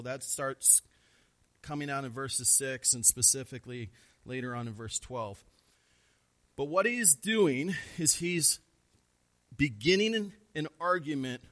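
A pastor in his thirties delivers a sermon in a bright, forceful, slightly high voice. He drives hard on emphatic words and doubles words as he presses a point. Then he drops to a low, quiet tone to let it land. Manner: preaching, rising to emphatic stresses, then dropping low and quiet.

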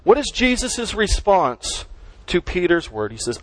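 A man's voice: sits high, very animated, a little slow, a bit bright, poor audio. Emphatic pastor, man preaching. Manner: emphatic teaching, repeats key words for stress. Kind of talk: sermon.

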